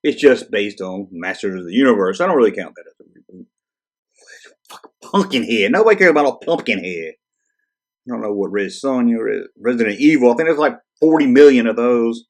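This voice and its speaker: A man in the middle of a casual, exasperated rant, his voice sitting at an ordinary pitch. He sounds sarcastic and fed up, and he swears freely as he reacts to each item. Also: lively intonation, a little fast. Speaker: channel host. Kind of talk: casual ranting commentary.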